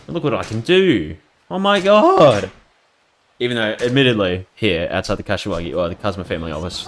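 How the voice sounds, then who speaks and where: A man's voice: on the low side, fairly bright tone, slight background noise. A man with an Australian accent giving casual, rambling, jokey commentary as he streams a game and reads out chat names.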